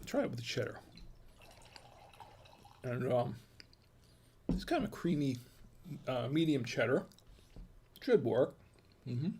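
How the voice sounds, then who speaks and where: A man's voice: mid-range voice, sing-song, takes it slowly, pauses often, darkish tone, slight background noise. An American man hosting a casual wine tasting, chatty and folksy, murmuring as he samples food and wine. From United States. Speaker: wine review host.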